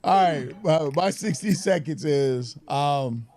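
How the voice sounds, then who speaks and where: A man's voice: a little high, slow pace, darkish tone. A man co-hosting a casual filmmaker panel chat, joking and laughing often. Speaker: podcast co-host.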